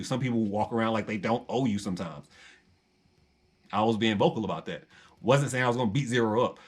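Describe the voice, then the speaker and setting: A man telling a prison story in a casual, animated way, acting out other voices and laughing often. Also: mid-range voice.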